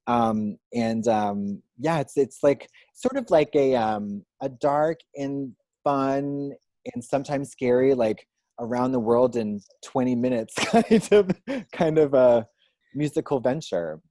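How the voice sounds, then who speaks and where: A man's voice: medium pitch, takes it slowly, dark tone, dry recording. A man in a casual interview, rambling with lots of fillers and restarts and making dry jokes. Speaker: drag performer and musician, guest.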